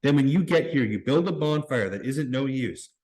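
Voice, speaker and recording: A man reading aloud and voicing a fussy, indignant schoolboy who scolds the others in a raised, slightly higher voice. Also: lively intonation, moderate pace, a little mellow, natural voice, rough recording.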